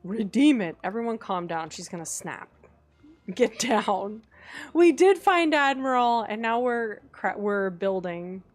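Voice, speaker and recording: Woman streamer, higher voice, unhurried, chatty and self-talking, playful exasperation, excited squeals. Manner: chatty, talks to herself and to chat, swings to excited squeals; playfully exasperated, swears in jest. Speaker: live streamer. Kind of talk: casual live game commentary.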